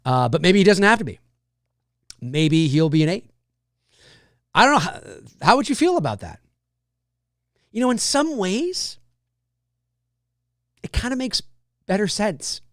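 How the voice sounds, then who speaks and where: A man's voice: sits high, a little slow, long pauses, no echo, studio quality. A man hosting a casual livestream, rambling animatedly about a film and answering viewer comments. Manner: animated, rambling, frequent restarts and fillers. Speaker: livestream host. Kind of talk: casual live chat reading viewer comments.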